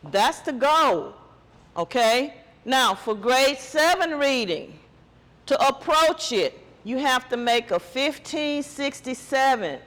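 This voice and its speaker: A man's voice: very high voice, sing-song, slow, bright, forceful tone, big-room sound. A man teacher giving a test-prep lesson, quizzing students with call-and-response questions.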